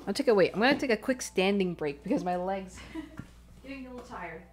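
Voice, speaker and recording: A young Canadian woman chats casually on a live stream while she plays, thinking out loud and apologizing along the way. Her voice is mid-range, animated, and a little fast, picked up by a desk mic in a home room with a little hiss or hum, and she steps away from the mic at times.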